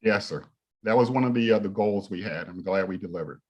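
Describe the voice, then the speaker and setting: A man's voice: lowish voice, a little fast, a little mellow, husky, dull audio. Man reading formal hearing remarks. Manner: reads prepared remarks steadily. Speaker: inspector general.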